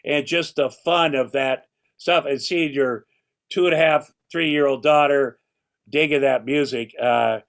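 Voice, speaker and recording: A man's voice: mid-range voice, fairly even intonation, a little slow, vocal fry. A man in his sixties, a podcast guest, chatting casually and rambling with restarts and casual swearing. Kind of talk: casual chat.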